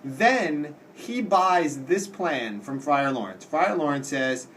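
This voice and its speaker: A man teaches in a relaxed, chatty way, slowing down to read quoted lines with dramatic weight. His voice sits a little high for a man. He is recorded from some distance, with a faint hum of noise behind him. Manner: explains plainly and reads quoted lines slowly and dramatically. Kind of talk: casual classroom-style lecture.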